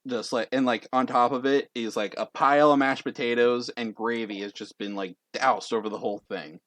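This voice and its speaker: A man's voice: mid-range voice, fairly even intonation, fairly quick, fairly bright tone, dry recording. A man running a tabletop game as game master, telling the scene in a loose way full of fillers. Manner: loose, filler-heavy storytelling.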